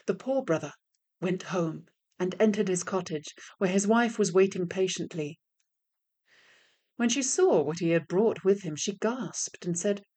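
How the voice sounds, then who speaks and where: A woman reading a folk tale aloud, in a measured and expressive storytelling manner. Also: medium pitch, slightly rough.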